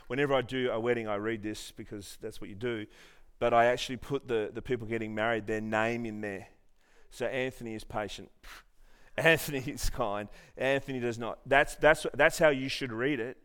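A man's voice: mid-range voice, clean tone. A male pastor preaching a sermon in short, emphatic phrases, with frequent restarts and humorous asides.

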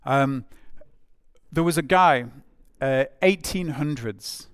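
Guy preaching a sermon, kinda high voice, lots of uhs and repeats, dry sound. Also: slow pace, smooth, no room sound. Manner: conversational, many fillers, repeats phrases for emphasis.

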